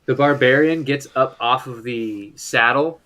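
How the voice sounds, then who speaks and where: A man's voice: medium pitch, unhurried, pushed and bright, poor audio. A man narrating as game master, describing scenes in a loose, rambling way with many fillers.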